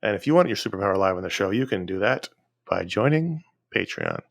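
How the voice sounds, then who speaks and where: A man's voice: lowish voice, animated, brisk, gravelly, no room sound, studio quality. A man co-hosting a podcast in a casual, chatty way, running through announcements and listener emails. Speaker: podcast co-host.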